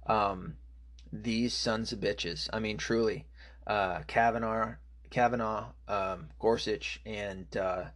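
A man's voice: fairly low pitch, a bit bright. A man delivering an angry, profane political rant, full of fillers and restarts. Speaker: political commentator.

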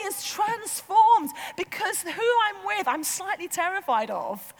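A woman preaching a sermon in an animated, chatty way, peppering her talk with "like". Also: very high-pitched, measured pace, few pauses. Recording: long hall reverb.

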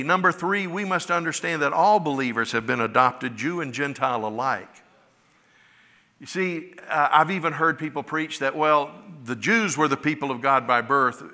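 A man's voice: on the high side, pushed and bright. A middle-aged man from West Florida, preaching a sermon, often rising to emphatic, impassioned cries. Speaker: pastor. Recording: long hall reverb.

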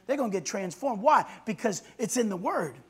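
A male pastor preaching a sermon in a strikingly high voice. His tone is husky and a little breathy. He drives his points home with emphasis and calls for responses from the people in front of him. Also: sing-song, fairly quick.

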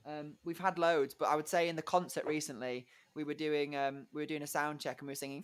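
A man's voice: fairly high pitch, little pitch movement, quick pace, hardly any pauses, a bit bright, clean tone. A young man, a musical theatre performer chatting casually in an interview, rambling and giggly with lots of fillers.

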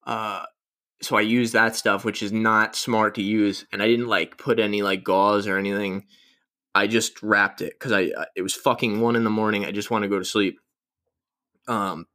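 A man's voice: lowish voice, sharp tone. A young man hosting a casual solo podcast, rambling through stories with crude, self-mocking jokes. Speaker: podcast host.

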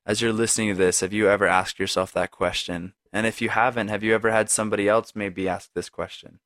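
Quick and flat in delivery, a man with a lowish, somewhat bright voice speaks directly to his podcast listener. The solo show is earnest and reflective, sprinkled with "right?" and "like," captured in clean studio sound with no echo.

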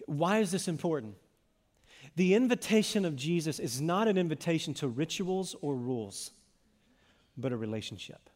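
A male pastor preaching a sermon in a conversational way, repeating phrases for emphasis and often dropping to a soft, low voice. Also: animated, moderate pace. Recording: long reverb of a large hall.

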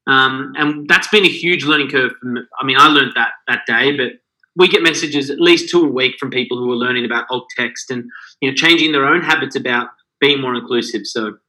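A man in casual podcast chat, his voice very bright and forward. He rambles earnestly, padding his points with "um" and "you know." His pitch sits at an ordinary middle for a man. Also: brisk, poor audio. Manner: rambling, earnest, heavy on fillers. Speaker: podcast co-host.

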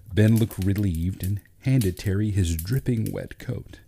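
Man, narrator, low mellow voice, measured storybook reading. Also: creaky, slight background noise.

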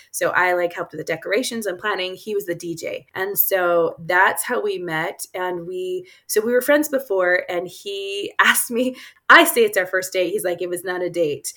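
A woman guest author on an interview show tells personal stories in a casual, earnest way, laughing and using lots of fillers. Her mid-range voice is bright and forceful.

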